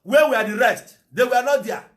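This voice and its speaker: A man's voice: extremely high pitch, normal speed. A Nigerian man with an Igbo English accent giving a fiery, preachy monologue and slipping into Igbo phrases. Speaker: political commentator. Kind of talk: impassioned monologue.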